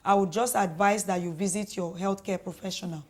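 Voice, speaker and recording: Calm Nigerian woman doctor advising. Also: mid-range voice, brisk. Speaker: doctor, guest expert. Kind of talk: radio call-in advice.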